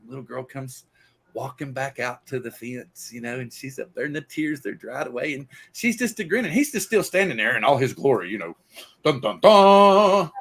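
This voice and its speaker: Man, podcast host, rough husky voice, rambling, folksy, joke telling. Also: medium pitch, expressive, brisk, fairly bright tone. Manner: rambling, folksy storyteller with lots of fillers. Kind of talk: casual joke telling on a group show.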